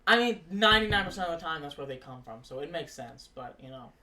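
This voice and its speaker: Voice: medium pitch, animated, fast talker, bright, forceful tone. A streamer co-hosting a live show, recapping wrestling in loose, filler-heavy chat. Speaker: stream co-host. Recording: roomy echo.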